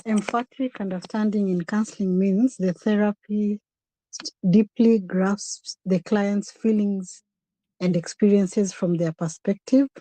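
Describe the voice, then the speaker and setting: A woman student reads a passage aloud for her class. Her voice is mellow and recorded dry and close. She reads carefully and evenly. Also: mid-range voice, steady tone, unhurried, no echo. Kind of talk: reading a text aloud in class.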